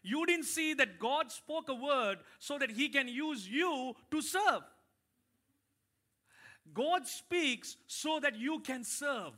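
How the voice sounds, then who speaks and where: A man pastor preaching a sermon in church, animated, with rising emphasis and call-and-response to his congregation. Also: very high voice, slow pace.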